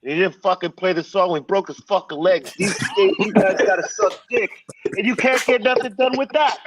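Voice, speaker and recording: A man voicing a blunt, swearing middle-aged male record label boss who talks gruffly and forcefully. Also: sits high, fairly quick, far from the mic, background noise, voice pushed up, natural voice. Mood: scoffing.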